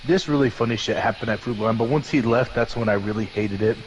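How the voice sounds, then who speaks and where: A man's voice: medium pitch, quick pace, lo-fi sound, slight background noise. A young man in casual chat, telling stories about an old job and acting out the voices of coworkers. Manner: storytelling, acts out voices of coworkers.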